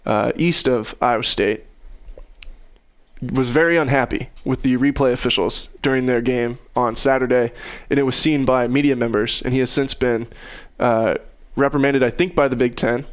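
A man's voice: medium pitch, smooth. A young man co-hosting a casual sports chat, joking and rambling with lots of fillers. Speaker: podcast co-host.

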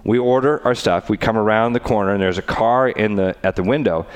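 A man's voice: fairly low pitch, fairly quick, clear, resonant tone. A middle-aged man, telling a story in casual chat and acting out the people in it. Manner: animated storyteller, acts out quoted voices.

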